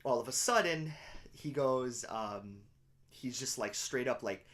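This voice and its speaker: Animated young man retelling a show. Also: medium pitch, unhurried. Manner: animated storytelling, frequent swearing and laughter. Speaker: podcast co-host. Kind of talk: casual chat, retelling a TV episode.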